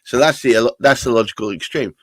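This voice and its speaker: Male live-stream host, measured and explanatory, dry recording. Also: medium pitch, a bit bright, dry recording. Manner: explanatory, careful, leading questions.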